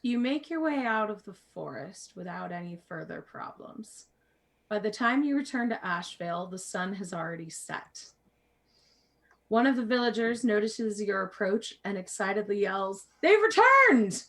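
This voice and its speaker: A woman narrating as game master of a tabletop game, calm and measured with small fillers. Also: mid-range voice, creaky.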